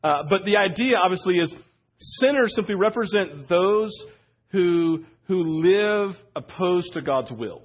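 Male pastor, easygoing sermon voice, slightly high, asks "right?" often; dull muffled recording. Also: expressive, a little slow. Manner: conversational preaching, frequent "right?" asides. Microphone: wireless church mic.

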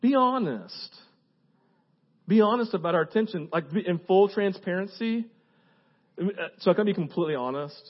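A man preaching a sermon as pastor, animated and conversational with asides. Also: high voice, fairly quick, dull audio. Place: church.

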